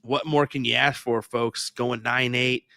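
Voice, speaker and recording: A young man co-commentating on darts in a casual, measured and analytical way, with frequent fillers. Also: mid-range voice, little pitch movement, vocal fry, bright, forceful tone, dry recording, clean studio sound.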